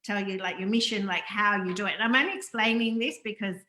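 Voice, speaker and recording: A woman's voice: medium pitch, fast, bright, forceful tone. A woman hosting a casual spiritual interview over a video call, effusive and rambling as she reads aloud and praises her guest. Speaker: interview host.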